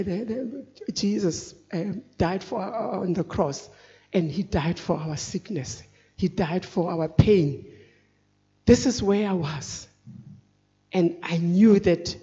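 Woman, preacher, earnest halting testimony, unhurried, long hall reverb. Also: medium pitch, darkish tone. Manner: earnest, halting, emotional delivery. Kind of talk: personal testimony sermon. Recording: dull recording in a reverberant hall.

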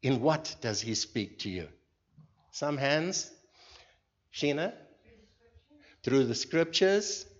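Slow, earnest man preaching in a hall. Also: mid-range voice, very animated. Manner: slow, earnest, pauses between phrases. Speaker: leader of a church group meeting. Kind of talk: informal sermon with questions to the group. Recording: dull recording with long hall reverb.

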